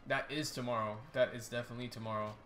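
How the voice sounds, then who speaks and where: A young man hosting a casual let's-play, excitable and rambling, often restarting his sentences. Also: medium pitch, fast talker, a little hiss or hum. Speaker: YouTube gaming host.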